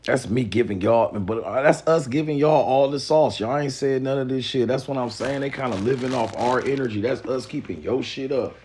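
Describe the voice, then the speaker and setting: A man from the Mississippi Delta, giving a profane, animated live-stream lecture to his viewers. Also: mid-range voice, moderate pace, few pauses, poor audio. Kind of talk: casual live-stream monologue.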